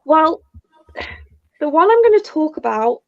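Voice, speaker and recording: A woman's voice: sits high, big pitch swings, unhurried. A woman co-hosting a casual book podcast, talking in an apologetic, self-deprecating way. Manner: apologetic, self-deprecating, laughs between phrases. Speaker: podcast co-host. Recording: dull lo-fi sound.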